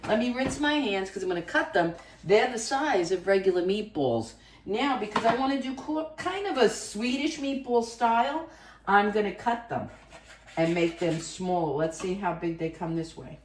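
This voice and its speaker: A woman's voice: mid-range voice, lively intonation, normal speed, far from the mic, a little hiss or hum. Chatty woman cooking in an echoey kitchen. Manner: chatty, rambling asides while cooking. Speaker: cooking channel host. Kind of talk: casual cooking vlog chat. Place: home kitchen. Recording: echoey kitchen, voice away from the mic.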